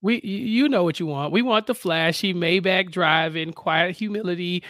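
A young woman co-hosting a podcast, recapping a TV episode in playful, animated casual chat. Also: lowish voice, normal speed, no room sound, clean studio sound. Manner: playful, animated, laughs easily. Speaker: podcast co-host.

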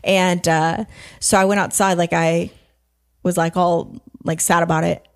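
Southern lady podcast host, kinda low voice, rambles and cusses, acts out what ppl said. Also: flat delivery, a little slow. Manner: rambling, swears freely, acts out quotes. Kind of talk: casual chat. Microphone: headphones.

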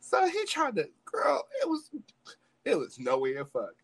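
A man's voice: extremely high pitch, wildly swooping pitch, measured pace, vocal fry, fairly bright tone, no echo. A young man telling a story in casual chat, dramatic and acting out every quote. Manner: dramatic, acts out the quotes, swears freely. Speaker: podcast co-host telling a story.

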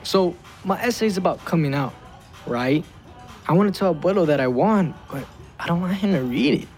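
A man's voice: on the high side, expressive, normal speed, darkish tone, soft background music. A hesitant, thoughtful teenage boy. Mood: reflective. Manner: hesitant, reflective, wry. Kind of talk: scripted audio drama.

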